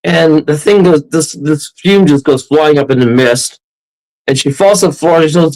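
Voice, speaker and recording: A man telling a ghost story as a podcast guest, animated, laughing often and acting out quotes. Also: fairly high pitch, normal speed, low-quality recording. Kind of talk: casual storytelling.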